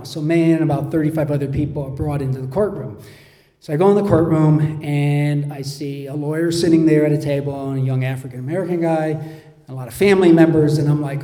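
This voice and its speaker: A middle-aged man tells a story from a stage, his voice a touch high for a man. He rambles and chuckles at himself. The sound rings around a big echoey hall with a long tail. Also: steady tone, brisk, warm tone. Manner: rambling, chuckling, self-mocking. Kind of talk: live personal storytelling.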